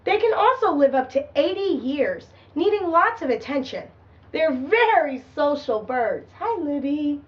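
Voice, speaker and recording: Young woman chatting, really high lively voice, sounds far off with faint music behind. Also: unhurried, lo-fi sound. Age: young adult. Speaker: student presenter.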